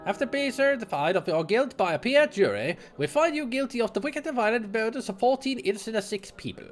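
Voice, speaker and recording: A man's voice: extremely high pitch, expressive, brisk, faint music behind, voice pushed up. A man voicing a stern judge pronouncing a death sentence, in a raised formal tone while reading game dialogue aloud. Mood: solemn.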